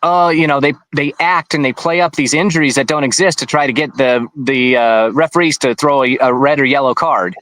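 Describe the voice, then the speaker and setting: A man's voice: mid-range voice, brisk, few pauses, a bit bright, rough recording. A man being interviewed, recounting events in a rambling, conversational way with frequent restarts. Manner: rambling, with many restarts and asides. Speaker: interview guest.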